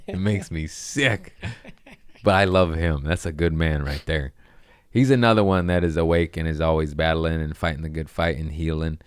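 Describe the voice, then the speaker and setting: A man with a deep, low voice hosts his podcast alone, riffing in a casual, crude way and laughing at himself. The sound is dry and close, with no room echo. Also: normal speed, clean tone. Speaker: podcast host. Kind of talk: casual solo podcast monologue.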